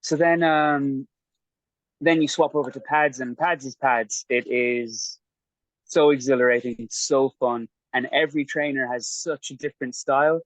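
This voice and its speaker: A man chats casually on a podcast, rambling with many fillers and making fun of himself as he describes his training. His voice sits at an ordinary pitch, and the sound is close and dry. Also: fairly even intonation, moderate pace, dry recording, low-quality recording. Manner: rambling, self-mocking storyteller. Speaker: podcast guest recounting training. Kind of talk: casual chat.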